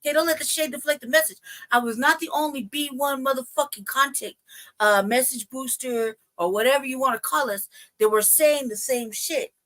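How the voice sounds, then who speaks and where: A woman's voice: high voice, a little fast. Heated, profane woman ranting. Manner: trying to calm herself down between outbursts. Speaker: livestream host. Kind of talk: ranting commentary livestream.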